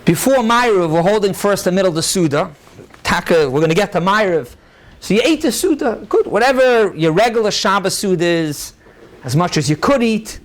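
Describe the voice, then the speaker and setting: A male rabbi giving a halachic lecture to a live audience. He explains briskly, quotes sources, answers questions and mixes many Hebrew and Yiddish terms into his English. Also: high-pitched, lively intonation. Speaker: rabbi teaching a class.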